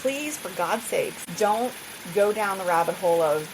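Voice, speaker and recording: A woman's voice: medium pitch, animated, moderate pace. A middle-aged woman hosting a podcast, talking candidly and casually, laughing often and filling her talk with "like" asides. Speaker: podcast host. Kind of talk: candid solo podcast chat. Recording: hissy recording.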